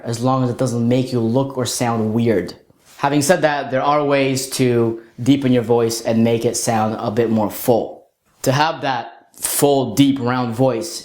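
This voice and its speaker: A young man coaching other men in a lesson-style talk, sometimes showing off high and deep voices. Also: a little mellow. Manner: demonstrates voices, jumps to falsetto and deep tones. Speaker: dating coach. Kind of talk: instructional talk. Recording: roomy echo.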